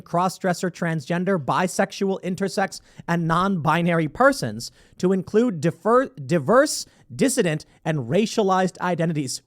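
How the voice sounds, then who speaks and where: A man hosting a commentary show, reading a news story aloud and mocking it with sarcastic asides and acted-out imagined exchanges. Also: high voice. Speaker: show host.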